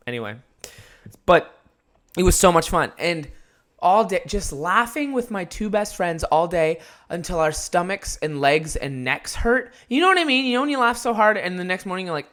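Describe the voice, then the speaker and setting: Casual young podcast host, rambling and swearing a lot, laughs a lot. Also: male voice, high voice, moderate pace. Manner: animated, profane, rambling, laughs often. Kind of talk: casual solo podcast storytelling.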